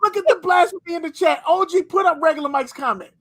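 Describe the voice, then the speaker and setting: A man with a strikingly high voice co-hosts a casual podcast chat. He rants in an animated, profane, storytelling way. The sound is close and dry, with no room around it. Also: fast, dry recording. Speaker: podcast co-host.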